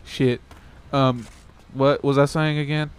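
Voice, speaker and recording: A man's voice: mid-range voice, flat delivery, slow, smooth. A young man casually commentating a skateboarding game playthrough, joking, swearing and reacting as he plays. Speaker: gameplay commentator.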